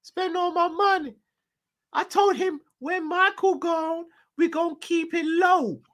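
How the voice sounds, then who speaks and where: A greedy high-voiced American club owner. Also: male voice, fairly even intonation, a little slow, fairly bright tone. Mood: mocking. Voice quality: high, drawling, brash.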